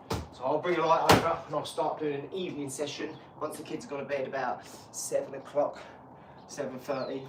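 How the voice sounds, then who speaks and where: Bloke in his 40s rambling on a live stream mid boxing workout, swears a lot, echoey room, mic a way off. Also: a little high. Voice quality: animated, rambling, swears freely. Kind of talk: casual chat during a boxing workout. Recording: echoey room, distant mic, loud noise.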